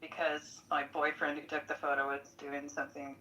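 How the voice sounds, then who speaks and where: A woman's voice: low-pitched, little pitch movement, normal speed, bright, forceful tone, poor audio. A woman in her forties chatting casually in an online audio room, rambling with lots of fillers. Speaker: chat room participant. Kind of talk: casual chat.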